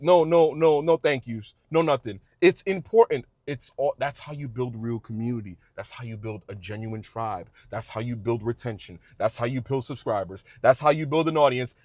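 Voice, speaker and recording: A man's voice: mid-range voice, normal speed, few pauses, dry recording, studio quality. A man giving passionate advice to other video creators, emphatic and repetitive, with frequent restarts and a casual "y'all". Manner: informal speech, says y'all. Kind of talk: passionate direct-to-camera advice.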